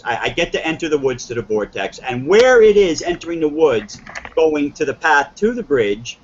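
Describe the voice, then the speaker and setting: A man's voice: medium pitch, dull audio, slight background noise. A man from northern New Jersey telling his story on a live stream, earnest and rambling, acting out quoted dialogue with many restarts.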